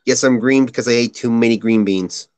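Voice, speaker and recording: A man's voice: mid-range voice, steady tone, fairly quick, a little mellow, no room sound. A man co-hosting a live drawing stream, chatting casually and joking, laughing often.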